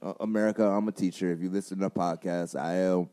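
A man's voice: low-pitched, fairly even intonation, quick pace, mellow. A young man co-hosting a podcast, talking in a laid-back, slangy way and laughing often. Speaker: podcast co-host and school teacher. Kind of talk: casual podcast chat.

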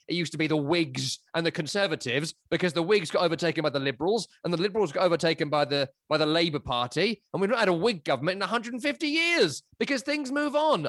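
A man's voice: a little high, fairly bright tone, no echo, clean studio sound. A man co-hosting a casual football podcast, opinionated and given to sweeping rhetorical riffs. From England. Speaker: podcast co-host.

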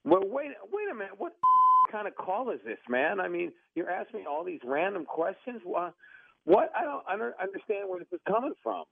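A man on a phone call who gets defensive and worked up, then quickly apologizes. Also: sits high, sing-song, creaky, breathy edge, no echo. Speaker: prank call target. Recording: tinny phone line, dry.

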